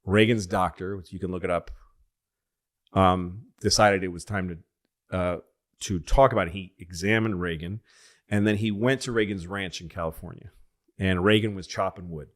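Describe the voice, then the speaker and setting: A man with a fairly low voice tells a rambling political story on a casual podcast. He acts out the people he quotes, his voice leaping high and loud in their lines before settling back down. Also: normal speed. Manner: animated storyteller acting out quotes in excited higher voices. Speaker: podcast host.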